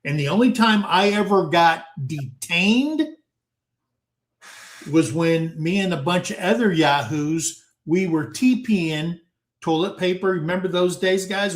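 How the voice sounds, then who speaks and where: A man in his sixties telling a story from his youth as host of a casual panel chat over a video call, in a folksy way that keeps calling his listeners guys. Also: on the high side. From United States. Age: 60s. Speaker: talk show host. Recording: roomy echoing room.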